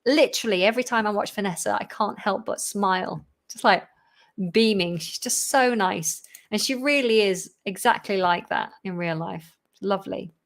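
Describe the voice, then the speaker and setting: An English teacher and channel host answers viewer questions in a chatty live Q&A, laughing often and sounding a bit tired. Her mid-range voice moves at normal speed with vocal fry.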